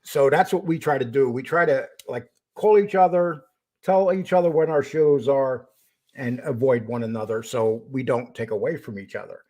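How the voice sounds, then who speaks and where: A man's voice: medium pitch, moderate pace, darkish tone. An older man hosting his own live stream, greeting viewers by name and speaking bluntly and argumentatively. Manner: greets viewers by name, then turns confrontational. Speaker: host of a live stream show. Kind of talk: casual live-stream talk.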